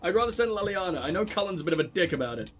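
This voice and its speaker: A man's voice: high-pitched, very animated, rapid-fire, fairly bright tone. A man casually commentating a game he is playing, with crude, sarcastic, profanity-laced banter. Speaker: gaming video host. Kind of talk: casual let's play commentary.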